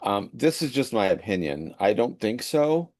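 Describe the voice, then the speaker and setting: A man with a low voice calmly shares his opinion in a faith conversation. His voice sounds dry and close. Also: normal speed, no echo. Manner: thoughtful, offering opinion. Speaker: co-host. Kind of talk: casual faith talk.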